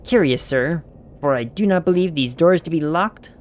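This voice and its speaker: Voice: mid-range voice, animated, moderate pace, lightly acted. A streamer voicing a formal old-fashioned landlord in a video game, speaking in stately archaic diction.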